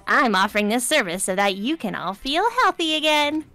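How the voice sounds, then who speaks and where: Casual woman gamer reading lines aloud with a bright, sharp tone and a wide, lively pitch swing. She laughs often between lines, and faint game music plays underneath. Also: moderate pace. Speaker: let's play host.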